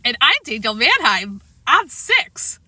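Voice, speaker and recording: A woman's voice: on the high side, big pitch swings, takes it slowly, sharp tone, full character voice. A woman voicing a boastful, whiny six-year-old boy in a children's storybook reading. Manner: whining, then tough-guy bluster.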